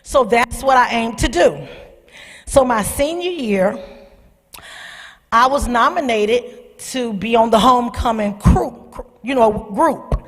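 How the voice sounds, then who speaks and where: A middle-aged woman, husky-voiced, telling a personal testimony to young people in a church, animated and calling out to her listeners. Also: on the high side, slow pace, long pauses. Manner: animated storytelling, calls out to the audience. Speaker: speaker at a church youth service. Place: church sanctuary. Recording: long hall reverb.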